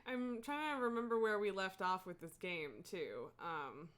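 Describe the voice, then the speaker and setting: A woman's voice: mid-range voice, a little slow, a bit bright, clear, resonant tone. A woman livestreaming a game, chatting casually from home in a rambling way, full of fillers and frequent laughs. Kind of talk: casual gameplay chat.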